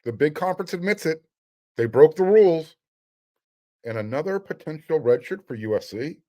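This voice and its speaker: A man's voice: on the high side, lively intonation, normal speed, warm tone. A middle-aged man hosting a sports podcast, talking casually in an emphatic, sarcastic, fired-up way.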